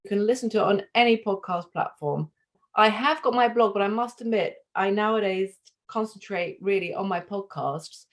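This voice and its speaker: A middle-aged woman being interviewed, talking in an animated, emphatic and self-effacing way. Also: mid-range voice. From United Kingdom. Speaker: podcast guest. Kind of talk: conversational interview.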